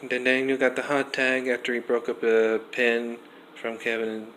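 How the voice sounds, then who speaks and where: A young man giving a casual, rambling wrestling review, restarting sentences often and getting animated. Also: medium pitch, moderate pace, rough recording. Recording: faint background noise.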